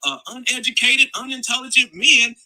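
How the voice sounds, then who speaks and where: A man's voice: very high voice, normal speed, poor audio. A man in a live debate, arguing his side in a lecturing, persuasive way. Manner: calm-then-firm, lecturing, persuasive.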